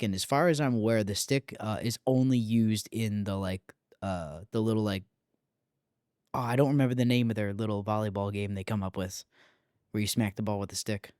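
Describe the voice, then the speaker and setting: Low-voiced man rambling about games. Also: a little mellow, no room sound, clean studio sound. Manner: rambling, with many filler sounds. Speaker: podcast co-host. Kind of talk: casual chat.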